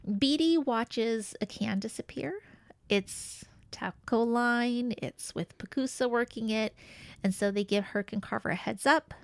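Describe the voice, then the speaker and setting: A woman talks through a TV episode in easygoing podcast chat, filling in scenes with quick asides. Her voice has a gravelly, fry-tinged edge, and the sound is dry and close with no room around it. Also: a little high, no room sound. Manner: chatty, recounts scenes with quick asides and laughs. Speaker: podcast co-host. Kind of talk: casual chat recapping a TV episode.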